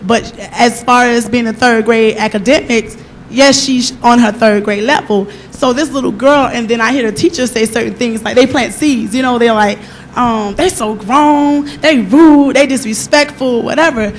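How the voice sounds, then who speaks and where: A woman's voice: a little high, normal speed, slight background noise. A middle-aged woman giving a personal testimony at a church service, telling her story with animation and acting out the lines of the people in it.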